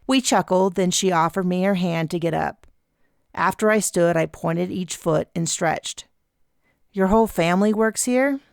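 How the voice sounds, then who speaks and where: A woman narrating a first-person audiobook in a steady, even storytelling manner on a close mic. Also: lowish voice, unhurried, gravelly, dry recording.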